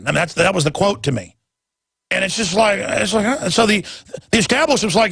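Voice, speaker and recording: A man hosting a talk radio show, ranting in a rambling way and jumping suddenly into loud, emphatic bursts. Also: high-pitched, lively intonation, brisk, gravelly, breathy edge, no room sound, clean studio sound.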